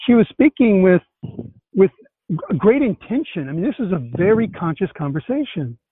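High-voiced man, enthusiastic host. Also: normal speed, slightly rough, no room sound. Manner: enthusiastic, animated storytelling. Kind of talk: casual conversation. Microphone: video call. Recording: tinny call audio, dry.

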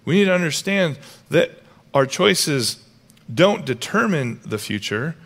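A male pastor preaching a sermon, telling stories with lively acted-out quotes. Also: on the high side, a little slow. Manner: animated storytelling, acts out characters with raised voice.

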